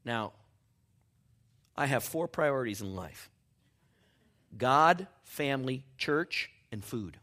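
A man preaching a sermon as a church pastor, telling a story with jokes and growing quiet and hushed toward the close. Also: medium pitch, animated, takes it slowly, long pauses. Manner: storytelling, joking, then softening to a hushed close.

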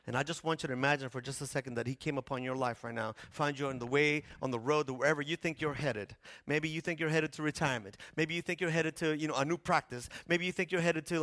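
Guy preaching a sermon, gets quiet then loud, repeats himself for effect, dry close sound. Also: on the high side, steady tone, fast talker, hardly any pauses, no echo. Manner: impassioned, swinging from hushed to loud; repetitive preaching cadence. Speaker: pastor.

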